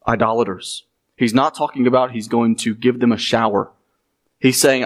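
A man preaches a sermon at an ordinary mid pitch. He is emphatic, stresses key words and keeps asking his listeners if they follow. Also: steady tone, normal speed. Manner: emphatic, asks the congregation questions. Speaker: pastor.

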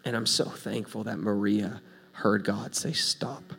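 A man preaching, telling a story in a casual, animated way, going from hushed to loud. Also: lowish voice, a little slow, creaky, slightly rough. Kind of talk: sermon storytelling.

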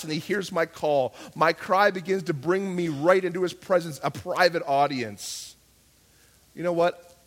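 A middle-aged man, a pastor, preaching a sermon in a conversational way, acting out his own prayers and swinging from loud to hushed. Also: a little high.

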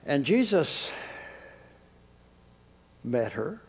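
A man preaching a sermon, who drops to a soft hush when he quotes. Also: fairly high pitch, sing-song, very slow, slightly rough, low-quality recording. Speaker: pastor.

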